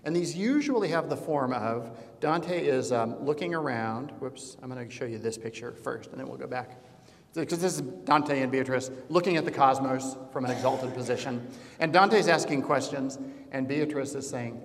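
A man's voice: mid-range voice, normal speed, big-room sound. A man giving a conversational classroom lecture, digressive and full of fillers, showing slides as he goes.

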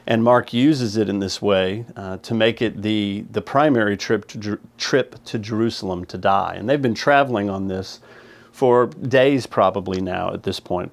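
A man reading a scripture passage aloud, then teaching on it verse by verse in an earnest, explanatory way, raising his voice to stress key points. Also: fairly low pitch. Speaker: Bible teacher.

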